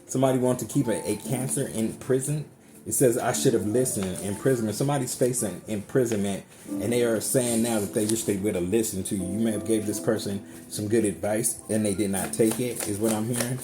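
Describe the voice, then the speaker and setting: A man's voice: lowish voice, steady tone, brisk. A man giving a casual tarot reading to his viewers, chatty and emphatic, swearing freely. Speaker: tarot card reader. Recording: music playing underneath.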